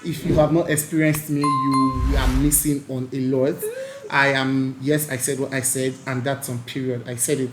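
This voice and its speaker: A man's voice: mid-range voice, level tone, moderate pace, loud music behind the voice. A man guesting on a podcast, talking boldly and playfully with emphatic self-assurance. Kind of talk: casual podcast chat. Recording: echoey room with faint noise.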